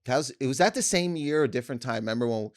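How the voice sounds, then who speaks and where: A man's voice: mid-range voice, expressive, rapid-fire, no echo, studio quality. A man co-hosting a comedy podcast, telling rambling stories in casual chat and laughing often. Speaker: podcast co-host.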